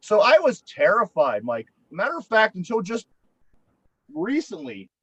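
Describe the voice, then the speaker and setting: A man's voice: high-pitched, wildly swooping pitch, unhurried, a bit bright, breathy edge, no echo, dull audio. A man with a Pittsburgh accent, co-hosting a podcast and telling a long story in a rambling, profane way, often repeating his words. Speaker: podcast co-host. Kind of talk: casual storytelling chat.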